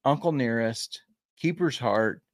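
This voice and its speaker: A man's voice: medium pitch, measured pace, no room sound, studio quality. A man co-hosting a casual podcast, joking and easygoing, sometimes reading notes aloud. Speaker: podcast co-host.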